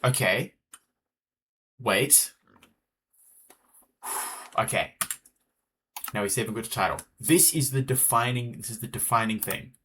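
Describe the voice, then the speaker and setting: A man's voice: medium pitch, a little slow, long pauses, pushed and bright, a little hiss or hum. An Australian man chatting casually with viewers while streaming a game, rambling as he talks. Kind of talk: casual live gameplay chat.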